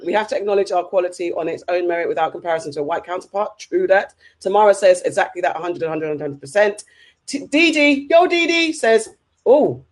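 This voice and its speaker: A woman's voice: on the low side, a little mellow. Upbeat woman co-hosting a chat show. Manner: brisk, upbeat, reads viewer comments aloud. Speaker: podcast co-host. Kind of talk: casual chat, reading out comments.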